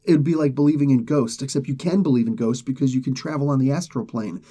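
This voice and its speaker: A man casually retelling a comic story in a loose, rambling way, slipping into quick acted lines for the characters. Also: medium pitch, dark tone, husky. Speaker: comic book reviewer.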